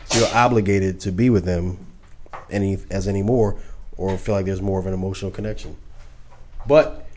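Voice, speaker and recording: A man's voice: low voice, fairly even intonation, normal speed, pauses often, background noise. A man co-hosting a casual talk show, blunt and teasing with the others. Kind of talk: casual chat.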